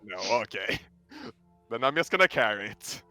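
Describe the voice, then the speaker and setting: A man's voice: fairly low pitch, big pitch swings, a little slow, bright, forceful tone, soft background music. A man playing a tabletop game, bantering and joking. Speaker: player. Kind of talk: casual tabletop play.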